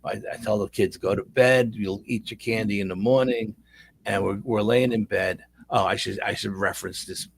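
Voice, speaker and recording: A man's voice: on the low side, fairly even intonation, moderate pace, vocal fry, breathy edge. A middle-aged man, a paranormal investigator telling a long rambling story in a casual interview, repeating words as he goes.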